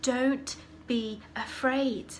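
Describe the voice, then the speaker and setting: A woman voicing a calm male prophet who reassures his frightened people in a slow, steady way. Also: sits high, a little hiss or hum.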